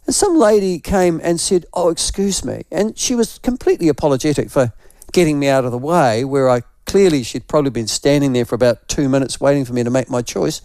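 A man's voice: mid-range voice, lively intonation, fast, a little mellow, no room sound, clean studio sound. An older man from New Zealand with a New Zealand accent, a radio host telling a rambling, self-mocking story in casual morning chat while unwell with flu.

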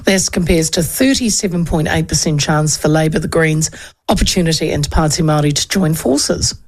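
A woman's voice: low voice, moderate pace, darkish tone. A woman in her fifties with a New Zealand accent, hosting a talk show and chatting loosely about polls with rambling asides. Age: 50s. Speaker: radio talk show host. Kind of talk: casual political commentary.

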